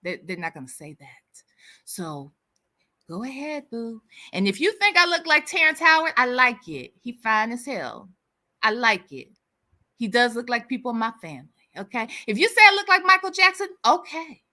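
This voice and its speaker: Sassy woman chatting with her stream viewers, higher voice, real bright and bouncy. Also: big pitch swings, normal speed. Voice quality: sassy, candid, drawling banter. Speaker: livestream host. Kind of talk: casual chat reading viewer comments.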